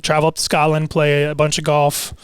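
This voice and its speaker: Easygoing young pro athlete from Seattle. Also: male voice, fairly high pitch, completely flat delivery, brisk, clean tone, dry recording. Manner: easygoing, lots of "yeah" and restarts. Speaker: pro basketball player. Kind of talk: casual radio interview.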